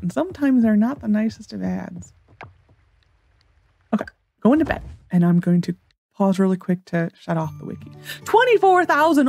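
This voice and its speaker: A woman's voice: medium pitch, gravelly, warm tone. Chatty woman thinking aloud while gaming. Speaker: let's play host. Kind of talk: casual gameplay commentary. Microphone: desk microphone, set a little loud.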